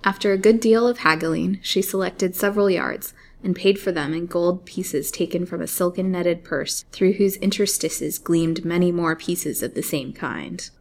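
A woman reading a chapter of an old serialized novel aloud, in a measured storyteller's manner. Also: lowish voice, a little mellow.

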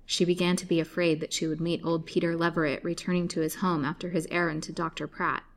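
Lower-voiced woman reading a story aloud. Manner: measured, dramatic reading. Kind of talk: scripted narration of a serialized novel.

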